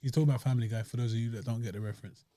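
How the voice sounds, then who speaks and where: A man's voice: mid-range voice, steady tone, racing, dark tone. A young man, hosting a podcast and chatting casually about a dessert as he eats it. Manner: laid-back, slangy and chatty, eating while talking. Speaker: podcast host reviewing desserts. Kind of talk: casual chat.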